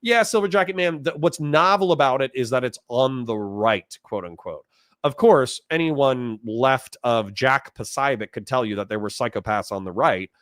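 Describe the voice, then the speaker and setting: A man's voice: medium pitch, expressive, normal speed, fairly bright tone, no room sound, clean studio sound. A man from Florida hosting a casual livestream, reading out chat donations and rambling bluntly in reply. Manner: rambling and blunt, reads chat messages aloud.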